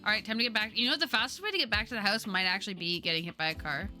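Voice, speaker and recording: A woman streamer chatting casually over a game, excitable and laughing often as she reacts. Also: mid-range voice, very fast, soft background music. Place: home streaming setup.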